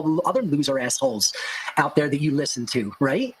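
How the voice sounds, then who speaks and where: A man's voice: on the high side, lively intonation, fairly quick, fairly bright tone, a little hiss or hum, poor audio. A man delivering an angry, scornful monologue rant as a show host, heaping insults and repeating himself for emphasis. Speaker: occult lecturer and show host.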